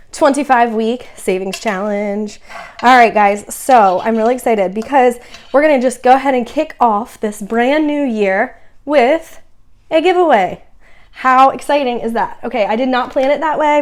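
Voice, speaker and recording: A woman hosting her own budgeting vlog in a casual, upbeat, chatty way, sounding a little winded and out of breath. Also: a little high. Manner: upbeat and chatty, with frequent "um" fillers. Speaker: budgeting channel host.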